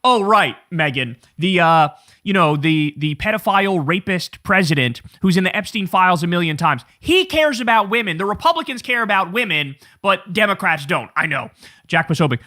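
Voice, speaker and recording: A man's voice: high voice, expressive, moderate pace, pushed and bright, dry recording, studio quality. A man hosting an online political commentary show, blunt and sarcastic.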